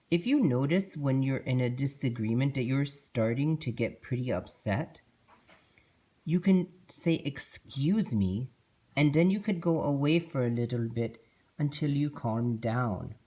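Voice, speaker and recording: A woman voicing a gentle, patient female unicorn who hosts a kids show and teaches in a slow, soothing way. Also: very deep voice, slightly rough, exaggerated voice. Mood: calm. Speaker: host.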